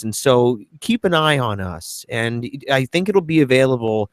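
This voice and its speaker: A man co-hosting a talk show, speaking earnestly and haltingly about a hard family matter, at times tearful. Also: medium pitch, very animated, dry recording, studio quality. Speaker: co-host. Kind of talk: emotional personal talk on a podcast.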